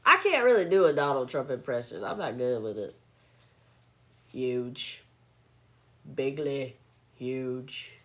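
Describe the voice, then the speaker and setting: A woman's voice: extremely low pitch, big pitch swings, quick pace, few pauses. A woman hosting a live stream, chatting casually and joking with frequent laughter, recorded on a phone. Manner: joking, laughs often, playful teasing. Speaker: livestream host. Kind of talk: casual chat.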